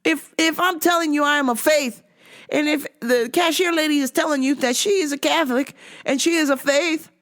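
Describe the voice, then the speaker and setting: A woman hosting a casual vlog, telling a story in an animated, blunt way with frequent laughter. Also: high-pitched, normal speed. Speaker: host.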